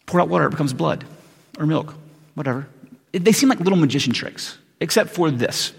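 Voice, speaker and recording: Gravelly, casual-talking man preaching. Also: on the high side, lively intonation, a little fast. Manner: conversational, frequent "like" and "right?", restarts. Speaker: pastor. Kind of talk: sermon. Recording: long reverb in a large hall.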